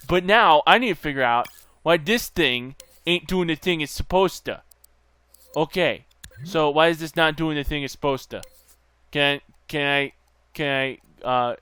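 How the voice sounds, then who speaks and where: A man's voice: fairly high pitch, expressive, a little slow, a bit bright, clear, resonant tone, no room sound. A man hosting a gameplay channel, muttering to himself as he tinkers, with bursts of goofy sing-song nonsense. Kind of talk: casual gameplay commentary.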